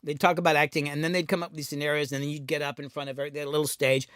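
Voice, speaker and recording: A man's voice: a little high, level tone, very fast, fairly bright tone, clean tone, no room sound, clean studio sound. A middle-aged man, telling rambling, self-deprecating stories in a casual rant and acting out the voices in them. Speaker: music producer and channel host.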